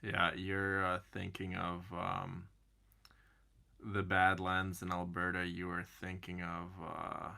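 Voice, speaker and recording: Slow, gravelly man chatting. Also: low voice, flat delivery, bright, forceful tone. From Canada. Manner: rambling, addresses viewers by name. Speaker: streamer answering chat. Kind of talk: casual chat.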